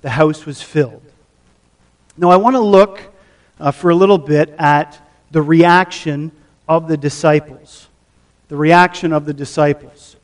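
A middle-aged pastor preaching a sermon, teaching the passage and putting questions to the congregation. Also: male voice, on the high side, unhurried, long pauses. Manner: teaching, asks the audience questions.

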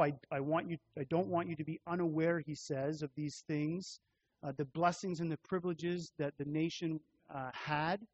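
A man preaching a sermon as pastor, teaching through a scripture passage in a measured way and repeating key phrases for emphasis. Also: a little high, dry recording, muffled recording.

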